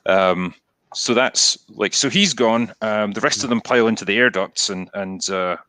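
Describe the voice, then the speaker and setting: Bright-voiced man recapping a film. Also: lowish voice, normal speed, dry recording. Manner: relaxed recapping with many ums and restarts. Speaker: podcast host. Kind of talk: casual film discussion.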